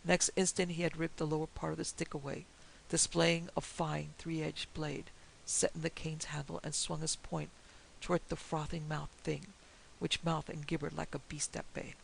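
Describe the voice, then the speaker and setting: Woman, horror story narrator, steady and measured, gravelly, flat delivery. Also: low voice, slight background noise, poor audio.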